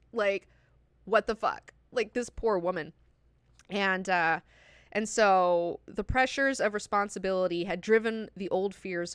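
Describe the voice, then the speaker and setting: Female book club host, casual and swearing, bright crisp voice. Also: mid-range voice, no room sound, studio quality. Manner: animated, profane, lots of fillers.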